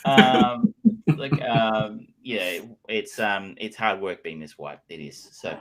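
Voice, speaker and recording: A man's voice: deep voice, unhurried, over music, poor audio. A middle-aged Australian man co-hosting a podcast in casual chat, rambling with lots of fillers and restarts. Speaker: podcast co-host.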